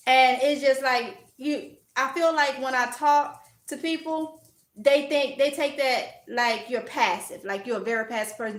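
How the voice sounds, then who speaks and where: A woman from Mississippi with a Mississippi accent, chatting loudly and outspokenly as a vlogger answering viewer comments. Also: high-pitched. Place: at home while organizing. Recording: echoey room.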